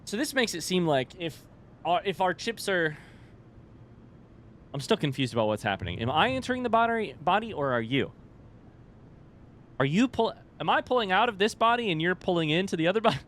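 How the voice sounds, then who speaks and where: A man's voice: sits high, very animated, moderate pace, long pauses, a bit bright, slight background noise. A man giving casual, unscripted commentary on a horror video game he is playing for the first time, rambling, jokey and swearing. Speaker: let's-play gamer.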